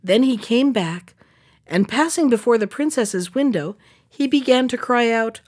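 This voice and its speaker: A woman reading a fairy tale aloud in a steady, measured storytelling manner. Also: on the high side. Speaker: narrator.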